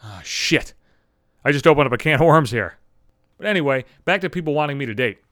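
A man's voice: on the high side, lively intonation, a little fast, a bit bright, no echo, studio quality. A man in his thirties from the Buffalo area hosting a podcast, ranting in a profane, exasperated and sarcastic casual monologue. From Buffalo area, USA. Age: 30s. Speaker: podcast host.

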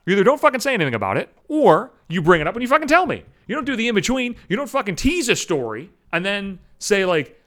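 A man's voice: sits high, sing-song, fast, hardly any pauses, fairly bright tone. A man hosting his podcast in a profane solo rant, swearing constantly and mocking other people's voices as he quotes them. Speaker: podcast host.

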